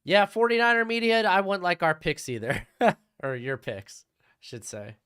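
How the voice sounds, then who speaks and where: A young man hosts a live stream from home and chats offhand about each pick while answering questions from his viewers. His pitch swings up and down a lot as he talks. The voice comes through clean and smooth. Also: sing-song, normal speed, a bit bright. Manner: chatty, answers chat questions, offhand opinions. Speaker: live stream host reacting to draft. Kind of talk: casual live-stream commentary.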